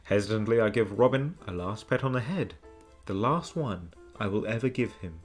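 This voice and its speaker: A man's voice: fairly low pitch, moderate pace. Brief: young male streamer, playful dramatic narrator, swooping intonation, background music. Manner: animated, laughs through slips. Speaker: streamer reading a game's story aloud.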